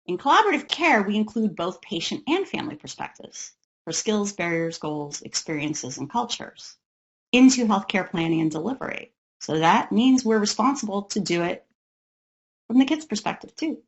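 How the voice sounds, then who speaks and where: A woman's voice: mid-range voice, sing-song, moderate pace, lo-fi sound. A woman, the parent of an autistic son, giving an educational talk on autism care in a conversational way, acting out the voices of parents and kids.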